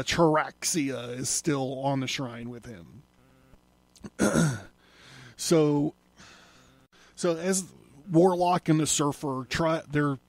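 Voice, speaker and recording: A man hosting a podcast, casually recapping a comic book in a relaxed way, chuckling often and using many filler words. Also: a little high, no room sound. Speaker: podcast host.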